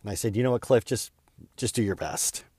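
A middle-aged man tells a personal story with earnest, heartfelt feeling. His voice sits on the low side, and his pace quickens and eases with the emotion. The sound is dry and close, with no room echo. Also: mellow, breathy edge. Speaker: real estate agent and podcaster.

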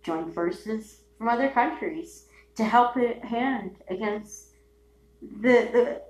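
A woman drawls slowly through a rambling, profane solo podcast rant. She drops into low mutters and then breaks out in sudden shouts. Her voice rings around an echoey room over a faint steady hum. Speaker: podcast host.

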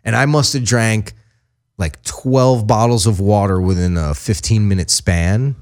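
Animated, profane man telling stories. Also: lowish voice, a little slow. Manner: animated, profane, acts out quotes in voices. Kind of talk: casual storytelling chat.

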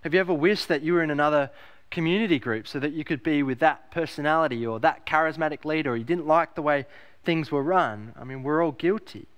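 A man preaching with emphasis, his voice sitting a little higher than most men's. He repeats key phrases and asks the congregation rhetorical questions, lifting his voice on quoted lines. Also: fast, a bit bright. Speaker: pastor. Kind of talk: sermon.

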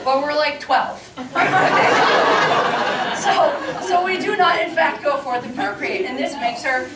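A brash woman in her fifties on stage doing stand-up, high-voiced and confessional, chuckling through her jokes. She sounds far from the mic in an echoey room, with a loud audience and room noise behind her. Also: takes it slowly, over a noisy crowd. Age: 50s. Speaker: stand-up comedian. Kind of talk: stand-up comedy set. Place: stage before a live audience.

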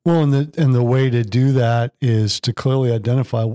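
A man co-hosting a podcast, speaking in a measured, even way about sales process. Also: mid-range voice, no room sound, clean studio sound. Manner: measured, lots of short agreements. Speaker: podcast co-host. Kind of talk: casual business chat.

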